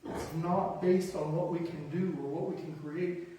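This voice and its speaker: Heard from a distance in an echoey hall, this man's voice is a little high, steady, and dark in tone, moving at normal speed. He's a pastor delivering a sermon with emphasis and a conversational feel, including jokes at his own expense and quick lists of single words.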